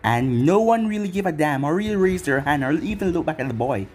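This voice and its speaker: A man's voice: on the high side, lively intonation, brisk, darkish tone. A man narrating a fan story in first person, with sarcastic asides.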